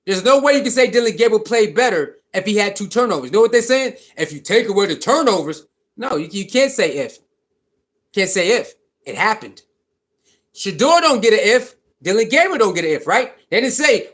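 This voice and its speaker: High-voiced man hosting a casual livestream. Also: normal speed. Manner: animated, repetitive, reads chat comments aloud. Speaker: livestream host.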